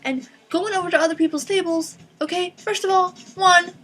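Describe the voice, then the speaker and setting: A woman's voice: very high voice, fairly even intonation, a little fast, fairly bright tone. A young woman vlogger ranting sarcastically and profanely, exasperated and blunt. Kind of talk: ranting vlog.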